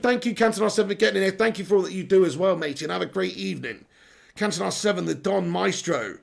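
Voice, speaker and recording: Bantering man hosting a live stream, high gravelly voice, sore throat. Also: lively intonation, fast talker. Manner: laughing, banter-filled, thanks viewers. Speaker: football watch-along streamer. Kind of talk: live stream chat reading.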